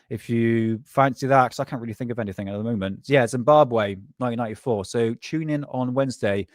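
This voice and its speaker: A man's voice: mid-range voice, no room sound, clean studio sound. A man from England hosting a live show, chatting loosely with viewers and reacting to clips. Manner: rambling, laughing, talking to chat. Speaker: host of a live UFO show. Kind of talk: casual live-stream chat.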